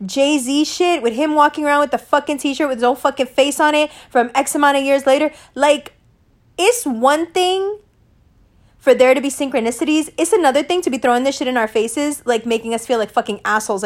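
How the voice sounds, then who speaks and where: Young female podcast host, fired-up profane rant, slightly high voice. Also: a little fast. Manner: angry, profane, emphatic ranting. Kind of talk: casual ranting podcast.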